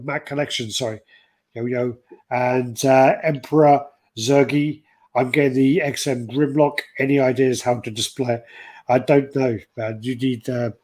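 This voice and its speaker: Male stream host, husky voice, casual sweary storyteller, reads out chat. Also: mid-range voice. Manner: swears a lot, tells stories, reads out chat names. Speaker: host of a collectibles livestream.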